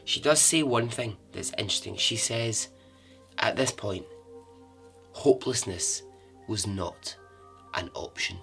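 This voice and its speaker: A man's voice: fairly low pitch, lively intonation, a little slow, gravelly, long pauses, fairly bright tone, soft background music. A man hosting a podcast, telling a true-crime story in a chatty way with asides and the odd swear word. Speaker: podcast host.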